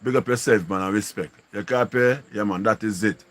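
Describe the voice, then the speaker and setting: A man's voice: lowish voice, a little fast, a bit bright. A man with a Jamaican accent hosting a casual live stream, greeting viewers and repeating slangy catchphrases. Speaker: livestream host.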